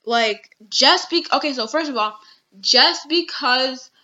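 A woman's voice: high voice, slow, pushed and bright. Rambling young woman podcast host. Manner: rambling, many restarts and fillers. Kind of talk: casual commentary. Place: at home with the TV on. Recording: dull lo-fi audio with faint noise.

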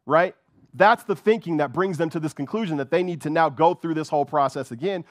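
A man preaches fervently, repeating words and checking in again and again with "right?". His voice is on the high side and fairly quick, captured in studio quality with no room sound.

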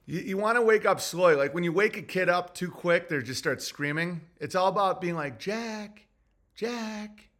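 High, bright-voiced man ranting profanely. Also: a little fast, few pauses. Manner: profane, agitated ranting with restarts and mock voices. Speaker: podcast host. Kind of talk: rambling commentary monologue.

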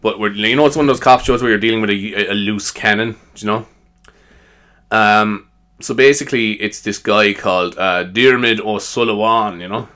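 A tired Irish man hosting a comedy podcast, rambling on in a chatty, self-amused way and leaning on "you know" and "right?" as he goes. His voice sits fairly low but sounds bright and forceful, with a sharp edge to the delivery. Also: normal speed. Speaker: podcast host.

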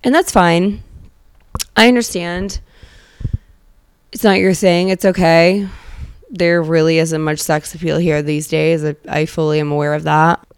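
A nasal, under-the-weather woman hosts a casual comedic podcast from inside her car with a handheld mic. Her voice is smooth and clear, and the sound is close and dry. She rambles sarcastically and swears freely. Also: fairly low pitch, steady tone, a little slow, pauses often, no room sound. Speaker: podcast host. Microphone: handheld microphone.

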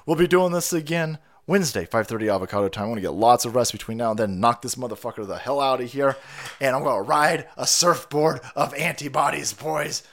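A man's voice: medium pitch, fairly quick, a bit bright. A man hosting a livestream, ranting in a profane, fired-up, rallying way while sick with a cold. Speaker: livestream host.

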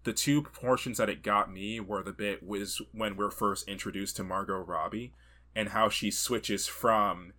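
A man co-hosting a podcast, chatting casually about a film, animated and quick to laugh. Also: fairly low pitch. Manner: animated, laughs often, acts out quotes. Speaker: podcast co-host. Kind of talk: casual movie review chat.

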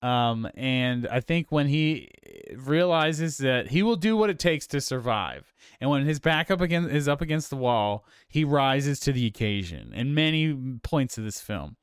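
A man's voice: medium pitch, lively intonation, a little slow, few pauses, clean tone, no echo, studio quality. A man hosting a casual film discussion podcast, rambling with lots of fillers and restarts. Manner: rambling, many fillers and restarts, laughs easily. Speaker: podcast host.

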